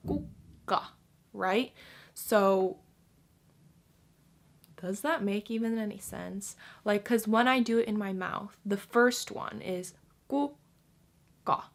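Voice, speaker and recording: A young woman talks through a casual lesson at an unhurried, slow pace. She is chatty and repeats example words slowly, dragging them out, with a mid-range voice. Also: mid-range voice. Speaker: language teacher.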